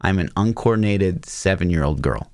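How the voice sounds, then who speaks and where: A man co-hosting a gaming podcast, joking and swearing with plenty of energy. His lowish voice swings widely in pitch, and it comes through dry and close-miked. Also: moderate pace, no echo. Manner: animated, swears a lot, joking. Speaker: podcast co-host. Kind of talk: casual gaming chat.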